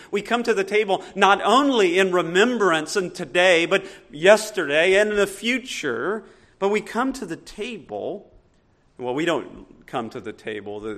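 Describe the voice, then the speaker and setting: A man preaching a sermon as pastor, swinging between loud emphatic points and quiet asides. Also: fairly high pitch.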